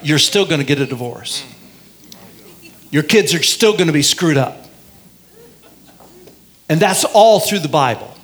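A male pastor preaching a sermon in a lively way, drawing out key phrases and leading the congregation in call and response. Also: on the high side, a little slow, pauses often. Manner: lively, drawls out key phrases, has the congregation repeat lines.

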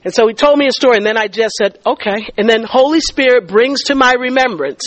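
A middle-aged woman teaches a faith group through a personal testimony. Her voice sits high. She tells the story in an animated way, stammering when she gets excited and acting out each exchange. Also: fairly quick, rough recording.

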